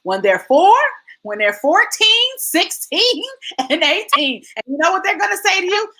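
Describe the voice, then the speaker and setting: A woman in her forties hosting a casual chat, telling lively stories and acting out quotes. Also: extremely high pitch, measured pace, rough recording. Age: 40s. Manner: animated storytelling, acts out quotes. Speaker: host.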